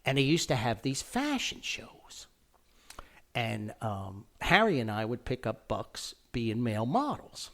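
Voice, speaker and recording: A man's voice: mid-range voice, unhurried. A middle-aged man with a New Jersey accent, telling a personal story in a rambling, folksy way as a podcast host. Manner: rambling, folksy, animated with lively quoted voices. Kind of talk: casual spoken storytelling.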